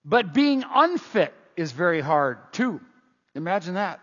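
A middle-aged man preaches with a high, husky voice, hammering his points home by repeating them. The sound is dull and carries a long hall reverb. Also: measured pace. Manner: animated, emphatic and repetitive. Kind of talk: sermon.

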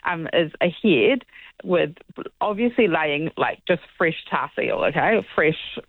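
A woman's voice: low-pitched, slow, no room sound. New woman calling in on a tinny phone line. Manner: animated storyteller, often adds "okay?". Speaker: caller. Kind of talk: telling a story on breakfast radio.

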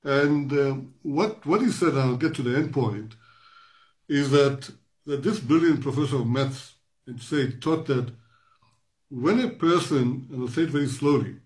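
Halting, reflective man in his sixties. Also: medium pitch, darkish tone. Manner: halting, many fillers and restarts, reflective. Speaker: guest, professor. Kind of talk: interview answer.

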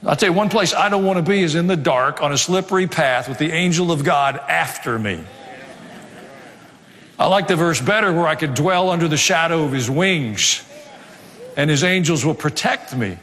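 A middle-aged pastor preaching a sermon, conversational, with asides and dry humor. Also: male voice, fairly high pitch, animated, moderate pace, a bit bright. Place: church sanctuary. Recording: long reverb of a hall.

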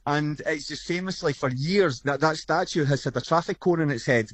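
A man, a football fan chatting excitedly in a radio interview. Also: a little high, no echo. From Scotland. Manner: excited, chatty, quick restarts.

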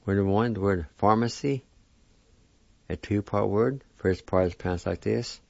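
Male language teacher, very low and mellow voice, slow deliberate syllable-by-syllable delivery, dry dull lo-fi recording. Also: vocal fry, no echo. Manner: deliberate, spells and sounds out each syllable.

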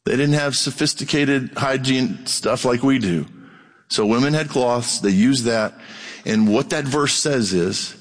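A middle-aged man preaching a sermon in a folksy, animated way, acting out voices as he goes. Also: mid-range voice, a little slow, big-room sound. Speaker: pastor.

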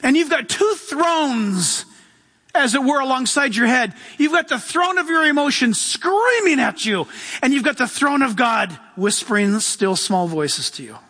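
A man preaching a sermon as pastor, animated, acting out voices and swinging between loud and hushed. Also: very high voice, measured pace, husky, big-room sound.

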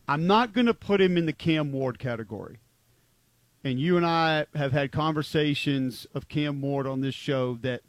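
A man co-hosting a football talk show chats casually about sports, rambling emphatically and dropping "like" constantly. His voice runs a little high, and the recording is dry.

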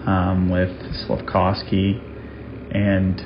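Slow, low male caller on a dull line. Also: completely flat delivery, background noise. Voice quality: slow and hesitant. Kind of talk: recorded voice message.

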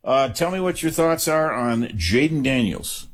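Animated man hosting call-in sports radio. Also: medium pitch. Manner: animated, quick to joke.

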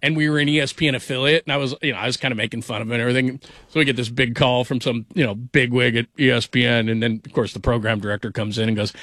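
A man's voice: mid-range voice, fairly even intonation, very fast, fairly bright tone, dry recording, studio quality. A man hosting a sports radio show in a casual, rambling, self-deprecating way, laughing often.

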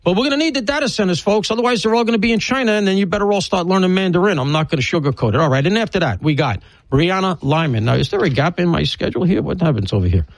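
A man's voice: high voice, lively intonation, racing, dry recording, poor audio. A man hosting a radio talk show, rambling bluntly through an opinionated monologue and previewing guests. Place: broadcast studio.

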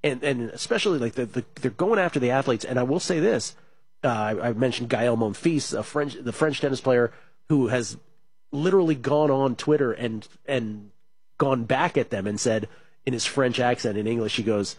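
Male talk radio host, slightly husky, dry close studio sound, quick and animated delivery. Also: mid-range voice, no room sound. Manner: fast, animated, reads listener tweets aloud. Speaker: sports betting radio host.

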